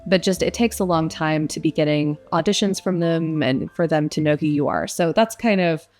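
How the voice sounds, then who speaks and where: A woman's voice: low voice, moderate pace, a little mellow, faint music behind. A young woman who narrates audiobooks, answering interview questions in a casual, reflective way with frequent fillers.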